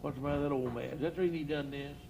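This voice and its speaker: A man's voice: fairly high pitch, fairly even intonation, racing, creaky, heavy background noise. An older man, a country preacher telling rambling comic stories to a live audience and laughing at his own jokes. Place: outdoor church campground before a live audience.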